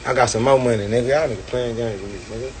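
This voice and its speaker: A man's voice: mid-range voice, fast talker. A man ranting and boasting in a brash, profane way on a phone livestream. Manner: brash, swaggering, preachy.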